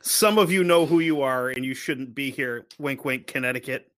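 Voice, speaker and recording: A man's voice: medium pitch, moderate pace, fairly bright tone. A man co-hosting a podcast, joking around in casual chat and swearing a lot. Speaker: podcast co-host.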